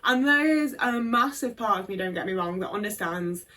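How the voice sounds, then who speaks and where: A woman's voice: medium pitch, expressive, normal speed, pushed and bright, recorded from a distance. A woman telling a candid personal story, blunt and sweary. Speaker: video creator.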